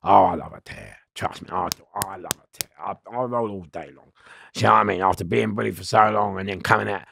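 A middle-aged man, telling prison stories loudly in an interview. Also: on the low side, fairly quick, vocal fry, noisy background. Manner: loud, lively, laughing storyteller. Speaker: interview guest. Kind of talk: storytelling in an interview.

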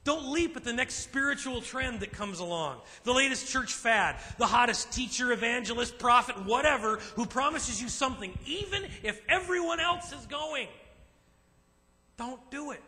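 A man pastor preaching a sermon to a men's group, emphatic and animated, slipping into acted asides. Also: very high voice, moderate pace. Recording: long reverb in a large hall.

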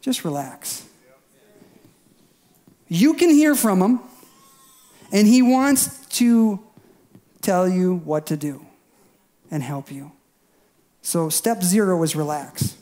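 A male pastor giving a sermon in a conversational, folksy way, at times acting out quick voices to make a point. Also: sits high, warm tone. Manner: bursts into acted voices for emphasis.

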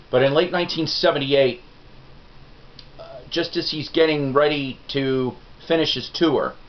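Chatty middle-aged man, dull lo-fi sound. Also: medium pitch. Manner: chatty, folksy, self-deprecating, talks straight to viewers. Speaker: music review vlog host. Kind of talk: casual rambling review chat.

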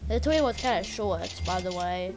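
A woman casually commenting while playing a game, rambling and excitable with lots of filler words. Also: fairly low pitch, a little fast. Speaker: gameplay channel host.

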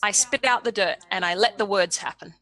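A woman's voice: mid-range voice, brisk, bright, forceful tone. A woman playing a tabletop game, thinking aloud with a hesitant manner. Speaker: player. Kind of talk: casual tabletop play.

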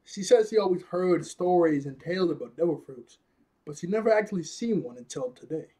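Husky young man recapping an episode. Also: high-pitched, lively intonation, fairly quick, mellow. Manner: rambling, laughing often, many restarts. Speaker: anime reviewer.

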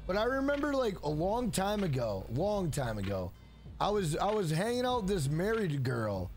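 High, lively-voiced male streamer. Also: moderate pace, faint music behind. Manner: rambling, profane, repeats "bro". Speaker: livestreamer. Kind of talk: casual stream chat and storytelling.

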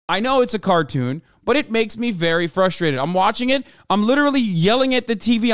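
A man rants to his live chat in a high, clear voice, animated and exasperated, swearing freely. The sound is close and dry, with no room echo. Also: brisk, hardly any pauses. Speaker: live streamer. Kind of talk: casual rant to live chat.

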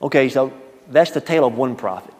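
Folksy preacher man, animated, in a reverberant church. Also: mid-range voice, brisk. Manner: animated storytelling, swinging from hushed asides to loud emphatic quotes; folksy, repeats words at the start of phrases. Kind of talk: sermon. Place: church sanctuary. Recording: long church-hall reverb.

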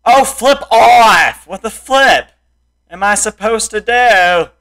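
A young man in raging gameplay commentary, frustrated, swinging between muttered complaints and loud shouts at the game. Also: high voice, expressive, takes it slowly. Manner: frustrated, yelling and insulting the game. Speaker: gameplay streamer.

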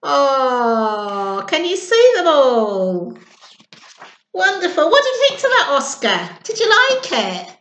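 A woman reads to toddlers in a high, swooping sing-song voice, taking her time over every line. The tone is bright and clear, with a roomy echo around it. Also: sing-song, slow pace. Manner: warm, sing-song, coaxing. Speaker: children's storytime reader. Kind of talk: reading a storybook aloud to young children.

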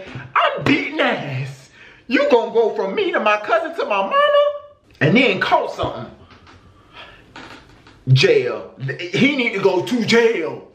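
A man reading out viewer confessions in a casual reaction vlog, blunt and profane, jumping between squealed outbursts and low mutters. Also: huge pitch swings, measured pace, sharp tone, reverberant.

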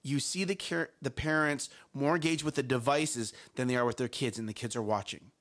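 Medium-pitched and fairly quick, this man co-hosts a parenting talk show. His casual storytelling is lively, and he keeps repeating phrases as he goes.

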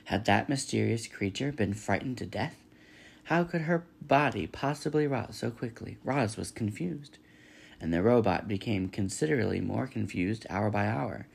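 Gravelly low-voiced man reading aloud. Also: lively intonation, normal speed. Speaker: reader. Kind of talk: reading a children's novel aloud.

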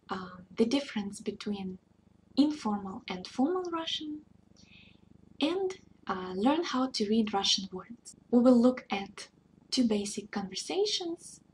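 Slow, patient woman tutor. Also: on the high side, a little mellow, slight background noise. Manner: patient, deliberate teaching with repetition. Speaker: Russian tutor. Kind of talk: language lesson.

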